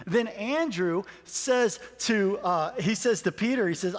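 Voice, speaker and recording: A pastor with a high voice introduces the sermon, acting out quoted lines with animation. A long reverb trails his words, as in a big hall. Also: lively intonation, normal speed.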